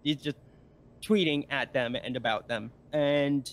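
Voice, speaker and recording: A man's voice: mid-range voice, unhurried. A man, a guest on a live stream, telling a story in a rambling casual way with many fillers and restarts.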